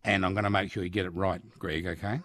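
A relaxed man hosting a radio quiz, chatting easily with callers. His voice sits a little low, and he talks in a friendly, conversational way. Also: fast talker. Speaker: radio host. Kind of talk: casual radio chat.

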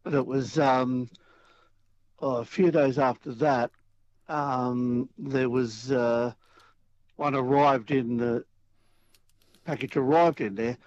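A man calling in to a radio quiz, speaking in a hesitant, halting way. His voice sits in a middle range. The line sounds muffled and lo-fi, like an old phone call. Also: mid-range voice, fairly even intonation, a little mellow, no room sound. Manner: hesitant, many fillers and restarts. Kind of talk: casual phone chat.

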